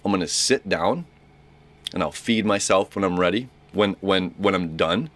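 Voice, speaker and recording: A man's voice: low voice, normal speed, a bit bright. A young man giving a casual, rambling horoscope talk as an astrologer, repeating himself and acting out little dialogues.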